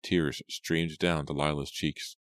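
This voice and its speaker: Very deep-voiced male audiobook narrator. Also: little pitch movement, slow, dry recording.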